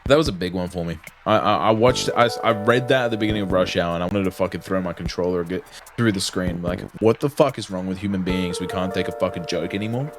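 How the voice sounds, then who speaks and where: A young man livestreaming, ranting casually to his chat in an animated, heavily profane, slangy way. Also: sits low, fast talker, hardly any pauses. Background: music.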